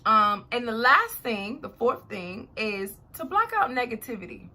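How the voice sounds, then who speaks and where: A young adult woman vlogger talking casually to her viewers, chatty and animated. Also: a little high, unhurried. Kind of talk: casual talk to camera.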